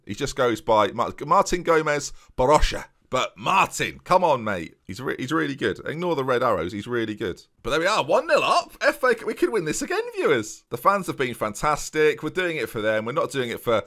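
A young man talks his audience through a football management save. His voice swings up and down as he chats and keeps calling out to the viewers. It bursts into excited commentary when the match heats up. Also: mid-range voice, fairly quick, hardly any pauses. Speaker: gaming YouTuber. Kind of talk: casual commentary over a football management game.

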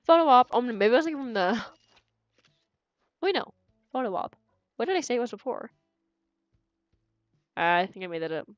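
A young woman with a rather high, sing-song voice chats and giggles with her stream audience while playing a video game, faint music behind her. She keeps a moderate pace and pauses often, and the lo-fi recording has no echo.

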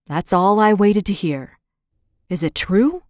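Brief: woman voicing gruff older gentleman, sharp and impatient, storybook reading. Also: mid-range voice, expressive, slow, no echo, clean studio sound. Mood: brusque. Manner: sharp and impatient, then softening.

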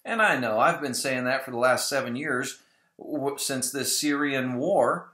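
In an echoey room, a Bible prophecy vlogger with a mid-range, sharp-toned voice speaks unhurriedly. His casual commentary is strongly opinionated and often includes mocking impressions of other people.

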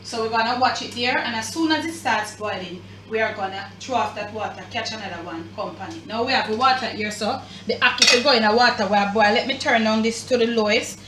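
Talking briskly with few pauses, a Jamaican-accented woman guides viewers through a recipe in a chatty, emphatic cooking demonstration at home. Her fairly high voice sounds distant and roomy over a noisy background.

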